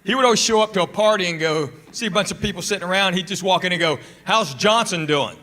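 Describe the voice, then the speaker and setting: A man doing stand-up, telling a long story in a laid-back, deadpan way. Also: sits high, racing, a little hiss or hum. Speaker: stand-up comedian.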